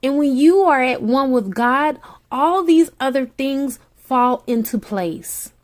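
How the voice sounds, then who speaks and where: A woman's voice: high voice, expressive, slow pace. A woman tarot reader speaking straight to the listener in a soothing spiritual pep talk, repeating her encouragements.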